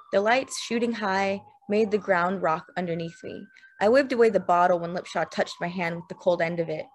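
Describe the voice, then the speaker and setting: Woman audiobook narrator, slow lyrical reading, first person story. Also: medium pitch. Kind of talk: literary fiction reading.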